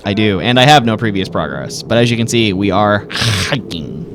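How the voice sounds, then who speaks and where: A man's voice: lowish voice, expressive, fast, over music. A man giving casual, joking let's-play commentary, thinking aloud as he goes. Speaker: gaming host.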